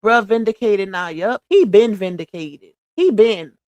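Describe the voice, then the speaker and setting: A Louisiana mother hosts a casual livestream, addressing her viewers directly in a blunt, emphatic way. Her voice sits at medium pitch and is unhurried and slightly mellow. The audio is dull, with no room sound.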